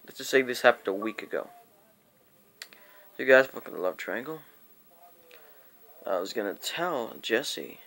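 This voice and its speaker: A young man tells a rambling, profane story to his viewers at an unhurried pace. His pitch swings up and down as he acts out the quotes, sometimes dropping into a whisper. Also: pushed and bright. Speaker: vlogger. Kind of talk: casual storytime vlog.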